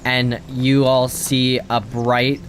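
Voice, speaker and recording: A man's voice: mid-range voice, completely flat delivery, slow pace. A young man narrating and running a tabletop game as dungeon master, casual and laughing, swearing freely. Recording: faint background noise.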